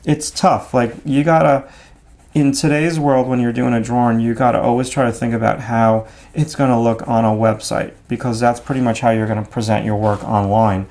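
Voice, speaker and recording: A man explaining his drawing steps out loud as he works, in a relaxed, thinking-aloud way. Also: medium pitch, moderate pace. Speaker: art instructor. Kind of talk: drawing demonstration.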